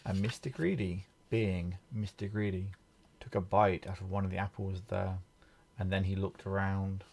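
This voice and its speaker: Male picture-book reader, low and gravelly, gentle, points out the pictures. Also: steady tone, normal speed. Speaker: storybook reader. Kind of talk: children's picture book reading.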